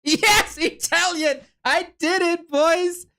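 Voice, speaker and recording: A woman's voice: extremely high pitch, steady tone, takes it slowly, sharp tone. A woman with a German accent, an esports caster chatting casually on a livestream, playful, laughing and swearing often.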